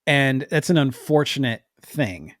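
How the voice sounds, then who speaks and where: A man's voice: mid-range voice, animated, unhurried, a bit bright, no room sound, studio quality. A man appearing as a podcast guest, talking through a film review in a chatty, emphatic way with side notes. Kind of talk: casual film review chat.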